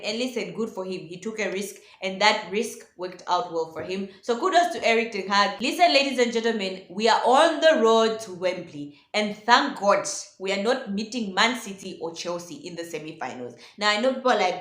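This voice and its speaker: A woman hosting a casual football reaction vlog, talking excitably and addressing her viewers as ladies and gentlemen. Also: mid-range voice, moderate pace, few pauses. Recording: echoey room.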